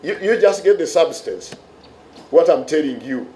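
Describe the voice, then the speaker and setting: A middle-aged man with a Ugandan accent and a hoarse voice, giving a stern, emphatic press briefing as head of a regulatory agency. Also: fairly high pitch, animated, normal speed, warm tone. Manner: stern, emphatic, with repeated words. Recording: echoey room.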